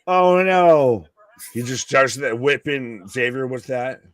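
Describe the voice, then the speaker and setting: A man co-hosting a casual live wrestling commentary stream, excitable and swearing freely. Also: mid-range voice, a little slow, no room sound. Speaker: co-host.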